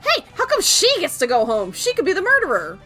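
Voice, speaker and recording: A woman voicing a sharp-tongued young woman in a game, sarcastic and whiny. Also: extremely high pitch, huge pitch swings, a little fast, faint music behind, pitched above the performer's own voice, full character voice. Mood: snippy.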